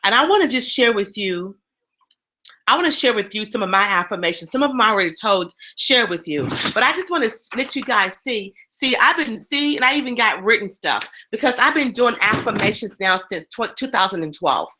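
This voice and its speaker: A woman giving a motivational talk, telling animated stories and addressing her listeners directly. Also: mid-range voice, a little fast, noisy background. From East Coast of the United States. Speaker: motivational speaker.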